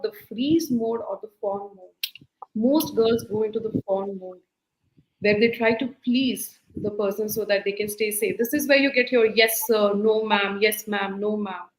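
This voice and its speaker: A woman's voice: mid-range voice, normal speed, reverberant, slight background noise, low-quality recording. A woman, a life skills coach, giving earnest parenting advice over a video call and acting out quoted voices. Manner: animated, acts out quoted voices, repeats key phrases. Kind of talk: earnest advice talk in a live-streamed interview.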